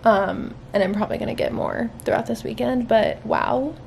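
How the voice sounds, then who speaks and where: A woman chatting on a casual vlog with a lightly gravelly, creaky voice. She talks easily and giggles between thoughts, with plenty of ums. A faint hiss sits under the recording. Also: fairly high pitch, animated, moderate pace, darkish tone. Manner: giggly, chatty, lots of fillers. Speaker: vlog co-host. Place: inside a car, then a hotel suite.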